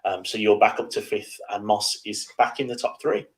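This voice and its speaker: A man co-hosting a casual football preview show, giving his predictions in a measured, slightly hesitant way. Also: fairly low pitch, rough recording. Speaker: football podcast co-host.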